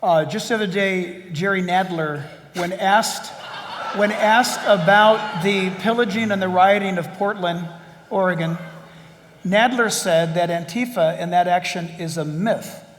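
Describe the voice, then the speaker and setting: Measured male pastor, high voice, echoing room. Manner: measured, asks leading questions and quotes scripture. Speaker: pastor and host. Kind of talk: conversational interview. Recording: long hall reverb with faint noise.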